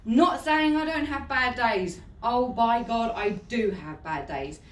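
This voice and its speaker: A woman tells a personal story to an audience in a chatty, warm way, laughing often. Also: fairly high pitch, expressive, slow pace, slight background noise. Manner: chatty, laughing often, says "you know" a lot. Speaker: speaker giving a talk. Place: event hall. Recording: roomy hall, voice from far off.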